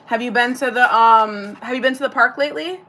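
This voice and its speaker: Chatty, higher-voiced woman reading tarot. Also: brisk, sharp tone. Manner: chatty, swears freely, answers viewer comments aloud. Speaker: tarot reader. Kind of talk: casual live-stream tarot reading.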